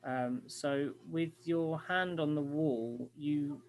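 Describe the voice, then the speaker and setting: A man narrating a tabletop game as game master, pausing often with fillers. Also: a little high, steady tone. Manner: hesitant, many fillers.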